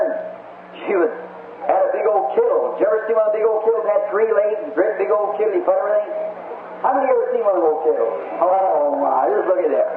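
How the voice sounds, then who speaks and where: High-voiced preacher on a tinny old tape. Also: male voice, roomy sound, noisy background. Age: middle-aged. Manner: homespun, chatty, asks the congregation questions and chuckles. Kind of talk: folksy sermon. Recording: tinny, lo-fi archival recording.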